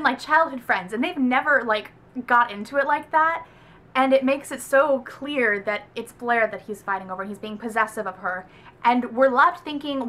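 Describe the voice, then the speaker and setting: Woman from the American South, book review vlog, chatty, bright forceful tone, slightly high voice. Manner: chatty, animated, heavy use of "like".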